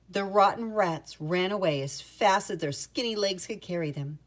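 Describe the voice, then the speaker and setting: A woman reading a children's picture book aloud in an expressive, sing-song storytelling manner. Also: on the low side, normal speed, hardly any pauses.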